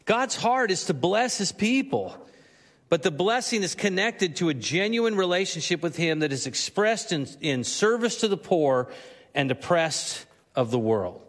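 Pastor guy preaching, pretty high voice, earnest and punchy, big echoey church hall. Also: big pitch swings, measured pace. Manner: earnest, building to emphatic preaching. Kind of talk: sermon. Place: church sanctuary.

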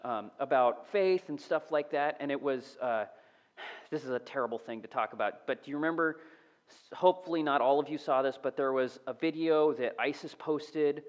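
A man giving a casual, animated sermon, sometimes dropping to a whisper. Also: mid-range voice, moderate pace. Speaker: preacher. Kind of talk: conversational sermon.

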